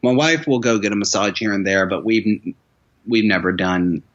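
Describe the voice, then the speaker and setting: A man's voice: on the low side, moderate pace, fairly bright tone. A man chatting casually as a podcast guest, telling a long story full of restarts and repeated words. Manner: rambling storyteller with many restarts. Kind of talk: casual chat. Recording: dull lo-fi sound.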